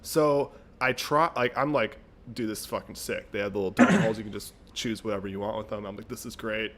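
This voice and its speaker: Swearing young man with a lowish voice. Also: quick pace, fairly bright tone. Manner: reactive, laughing, swears casually. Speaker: podcast co-host. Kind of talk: casual chat.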